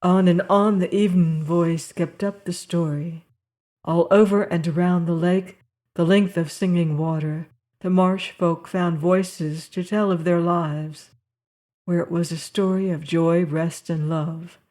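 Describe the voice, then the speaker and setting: Slow, calm woman narrating a novel. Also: lowish voice. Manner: calm, measured storytelling. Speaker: audiobook narrator. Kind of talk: scripted narration.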